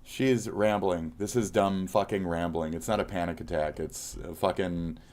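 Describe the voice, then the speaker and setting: A man's voice: low voice, fairly even intonation, moderate pace, darkish tone. A man streaming live, reacting to posts with a profane, mocking rant.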